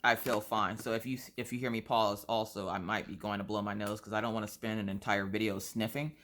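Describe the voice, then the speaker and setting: Animated woman venting while coloring. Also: extremely low pitch, a little fast. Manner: animated, exaggerated rhetorical complaining. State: stuffy nose. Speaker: craft vlogger. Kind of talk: casual chat while coloring.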